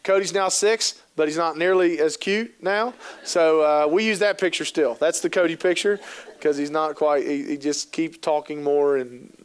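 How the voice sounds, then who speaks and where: A man's voice: a little high, steady tone, normal speed, smooth. A man in his thirties giving a humorous talk to an audience, telling stories and acting out quoted voices between casual fillers. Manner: jokey, acts out quoted voices, lots of fillers. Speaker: keynote speaker on youth work. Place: conference hall.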